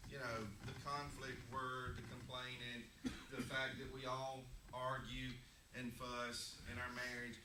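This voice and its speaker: A middle-aged man, teaching a couples Sunday school class in a folksy, joking way. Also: medium pitch. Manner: folksy, joking, drawling asides. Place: church classroom. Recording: echoey room, distant mic, noisy.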